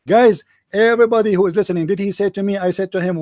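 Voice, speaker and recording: A man's voice: high-pitched, fast, a little mellow, dry recording, clean studio sound. A man arguing hard in a religious debate, mocking and repeating himself. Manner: combative, mocking, repeats phrases.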